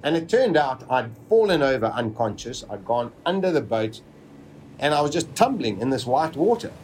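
A man's voice: medium pitch, big pitch swings, a little mellow, a little hiss or hum. Man telling a dramatic survival story. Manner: vivid, dramatic retelling with pauses.

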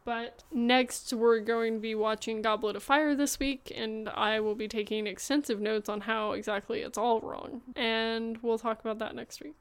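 A woman's voice: a little high, steady tone, normal speed, hardly any pauses, clean tone. A woman co-hosting a podcast, chatting about a book and filling in details. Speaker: podcast co-host. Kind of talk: casual book discussion.

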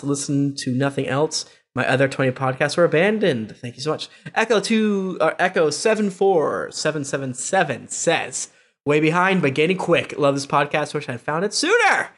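Guy on a podcast reading out listener reviews, bit higher voice, jokey asides. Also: fairly bright tone. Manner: reads reviews aloud with quick asides and laughs. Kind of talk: casual podcast chat.

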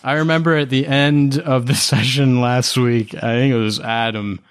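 A man's voice: medium pitch, fairly even intonation, normal speed, clean tone. A man hosting a tabletop game podcast as dungeon master, chatting casually and chuckling between his remarks.

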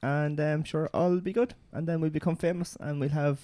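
A man's voice: on the high side, steady tone, a little fast, mellow, a little hiss or hum. An Irish man co-hosting a podcast, chatting casually with frequent hesitations and restarts. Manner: hesitant, many fillers and restarts. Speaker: podcast co-host. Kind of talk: casual chat.

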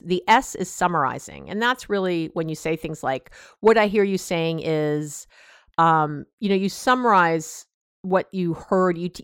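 A woman's voice: lowish voice, smooth, no echo, studio quality. A woman hosting a podcast, giving casual advice and acting out sample lines of dialogue, with many fillers and restarts. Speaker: podcast host.

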